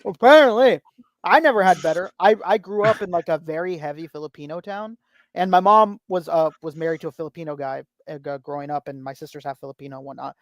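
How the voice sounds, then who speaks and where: A man's voice: fairly high pitch, fast, no echo. A man guesting on a podcast, telling stories in casual chat, acting out quotes and swearing freely. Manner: animated storyteller, swears freely, acts out quotes.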